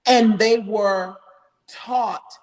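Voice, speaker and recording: A man's voice: high voice, steady tone, extremely slow. A man on a talk show panel, speaking earnestly and openly about emotion, with a preaching lilt.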